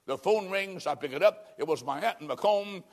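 A man preaching an evangelistic sermon, telling a story and pleading with dramatic swings between loud and hushed. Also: high voice, animated, fairly quick.

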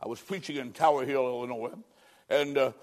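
A male preacher delivering an evangelistic sermon, swinging between loud emphatic lines and hushed, near-whispered endings. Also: mid-range voice, fairly even intonation, fairly quick.

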